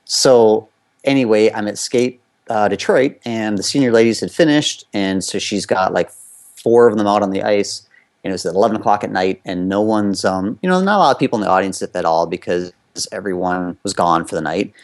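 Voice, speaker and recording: Speaking a little fast in a fairly low voice, this American man, once a competitive skater, shares a candid personal story as an interview guest. His sentences run on loosely and conversationally, thick with fillers.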